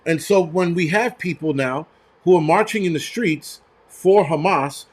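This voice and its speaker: A man's voice: fairly high pitch, measured pace, breathy edge. A man who works as a firefighter hosts a livestream, ranting bluntly and profanely and telling stories from work. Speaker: host and firefighter. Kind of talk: livestream rant and storytelling.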